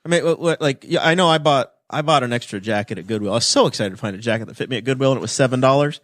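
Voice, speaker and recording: A man hosting a podcast, teasing his guest with rapid questions in casual banter. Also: medium pitch, a bit bright, no echo, clean studio sound. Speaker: podcast host.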